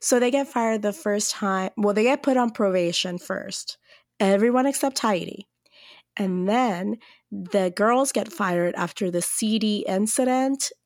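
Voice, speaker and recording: A young woman on a casual podcast, teasing and laughing through her lines. Her voice sits at a middle pitch. The recording is dry and close to the mic. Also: a little slow, dry recording. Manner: playful, teasing, laughs often. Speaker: podcast co-host.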